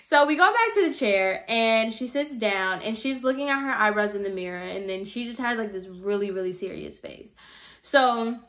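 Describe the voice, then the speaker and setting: Exasperated young woman, bright voice. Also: fairly high pitch, expressive, moderate pace. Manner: exasperated, chatty, heavy use of "like" and "girl". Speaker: hairstylist telling a client story. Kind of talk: casual storytime vlog.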